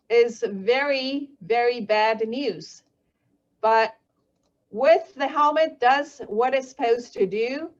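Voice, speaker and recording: A woman whose first language is Chinese talks through safety research in a slow, careful way, pausing on fillers and correcting herself as she goes. Her voice sits a little high. The audio is dull and lo-fi. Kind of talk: explanatory talk.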